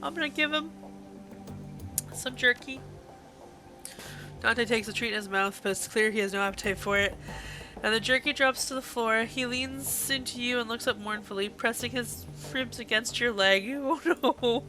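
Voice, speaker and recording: A woman's voice: a little high, normal speed, sharp tone, faint music behind. A woman streaming a game live, reading its text aloud and reacting with gushing, emotional outbursts. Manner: gushing, emotional reactions between read passages.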